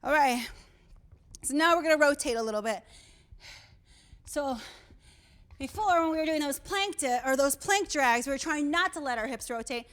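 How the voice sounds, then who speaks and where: Winded female fitness instructor with a high voice, upbeat and encouraging, counts down the reps. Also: lively intonation, normal speed, long pauses, fairly bright tone. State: out of breath. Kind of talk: live workout coaching.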